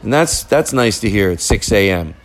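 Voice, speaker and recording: A man's voice: lowish voice, lively intonation, moderate pace. Rambling, joking man hosting a podcast. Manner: rambling, jokey, self-interrupting. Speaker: podcast host. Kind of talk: casual family chat.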